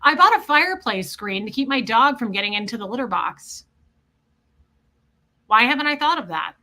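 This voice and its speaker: A woman's voice: on the high side, animated, normal speed, sharp tone. A woman hosting a casual livestream, rambling through a story and greeting viewers as she goes. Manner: scattered, chatty, greets viewers mid-story. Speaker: livestream host.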